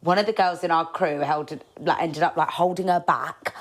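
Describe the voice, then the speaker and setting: A woman hosts a relaxed podcast chat with a slightly lower voice. She tells stories with lively, animated energy, building each moment for her co-host. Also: moderate pace. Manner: animated storyteller, lively retelling of a night out.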